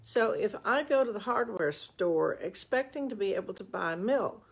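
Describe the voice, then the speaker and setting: A woman's voice: medium pitch, animated, moderate pace, gravelly, husky. An older woman, a relationship coach, giving chatty, folksy advice on a live stream with self-mocking asides, into a webcam.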